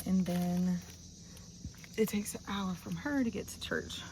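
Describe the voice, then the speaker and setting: Young woman rambling from her car, lots of y'all and like, gravelly voice, noisy phone audio. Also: fairly low pitch, a little slow. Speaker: vlogger living in her car. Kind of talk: casual vlog chat. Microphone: phone propped up.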